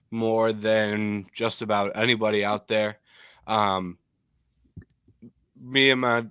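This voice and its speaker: A young adult man from Michigan co-hosting a casual MMA podcast, opinionated and animated with frequent ums. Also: lowish voice, clean tone, no room sound, studio quality.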